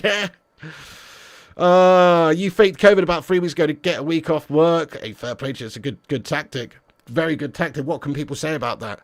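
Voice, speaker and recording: A man hosting a football fan livestream, reading viewer comments with excitable, teasing banter. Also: on the high side, brisk. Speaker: football fan channel streamer. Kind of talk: live stream chat, reading viewer comments.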